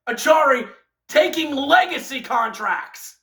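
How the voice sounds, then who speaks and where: A man ranting through a fan recap of a hockey game, exasperated and sarcastic, breaking into shouts. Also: sits high, expressive, takes it slowly.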